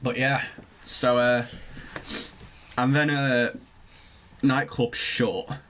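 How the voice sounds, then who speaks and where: An animated young Englishman co-hosting a podcast, telling stories in casual chat and swearing freely. His voice sits at a middle pitch, with faint background noise behind him. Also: very slow. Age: young adult. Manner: animated storytelling, swears a lot. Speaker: podcast co-host.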